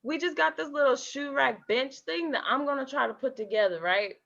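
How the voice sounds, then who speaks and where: A woman's voice: high voice, brisk, vocal fry, a bit bright, lo-fi sound. A woman in casual chat who repeats words as she starts her points.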